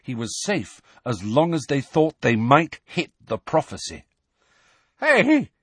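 A man narrates an audiobook in an expressive, lively voice that rises and falls with the story. His voice is slightly husky, and the recording is close and dry. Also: mid-range voice, unhurried, no room sound. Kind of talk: scripted narration.

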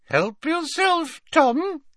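A man's voice: extremely high pitch, very animated, drawn-out words, pushed and bright, dry recording, clean studio sound, voice pushed up, exaggerated voice. Man putting on a simpering old rich lady. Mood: coy gushing. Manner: simpering, coy, gushing.

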